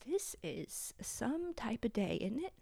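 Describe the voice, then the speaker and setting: A woman's voice: on the high side, big pitch swings, slow pace, vocal fry, dark tone. A woman in her thirties hosting a confessional solo podcast from home, tearful and sniffling, candid and blunt. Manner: candid, blunt, swears freely. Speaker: podcast host.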